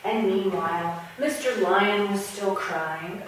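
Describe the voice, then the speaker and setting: A woman telling a puppet story for toddlers in an animated, sing-song way, counting along with the tugs. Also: lowish voice, unhurried. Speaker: children's storyteller. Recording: echoey room, mic far off.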